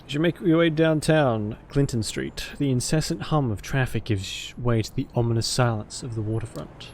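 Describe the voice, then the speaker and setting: A man's voice: medium pitch, moderate pace, a little mellow, a little hiss or hum. A man streaming a story game, reading its narration aloud with dramatic flair and breaking off for cursing asides.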